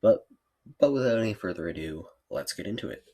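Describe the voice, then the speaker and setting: A gamer who is sick, with a voice deeper than usual, joking and rambling through a let's play while reading the game text aloud. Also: big pitch swings, brisk, gravelly, darkish tone, slightly rough.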